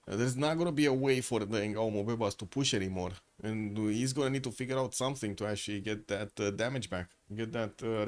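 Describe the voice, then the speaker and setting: A man giving live, chatty commentary on a strategy game match who often stops to ask his viewers questions. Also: mid-range voice. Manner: chatty, asks chat questions, frequent filler words. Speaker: esports caster.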